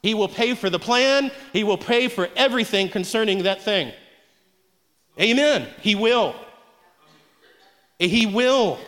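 A man's voice: high voice, animated, measured pace, long pauses, fairly bright tone, in a large hall. A man preaching a sermon to a congregation in a church, urging call-and-response from the pews. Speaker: pastor. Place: church sanctuary.

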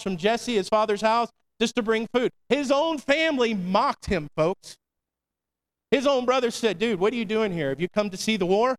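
A man preaching a sermon as pastor, conversational and slangy, punctuating lines with "come on" and "amen.". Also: high voice. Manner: preachy call-and-response, repeating "come on".

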